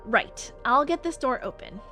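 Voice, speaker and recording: A woman voicing a brisk, practical young female engineer in a matter-of-fact way, as live game voice acting. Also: sits high, animated, sharp tone, soft background music, heavily acted. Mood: focused.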